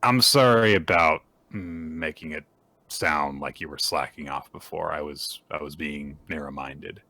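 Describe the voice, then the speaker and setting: A man co-hosting a manga podcast, casually recapping chapters and acting out characters' lines with lively energy. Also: very deep voice, moderate pace, creaky, breathy edge, no echo.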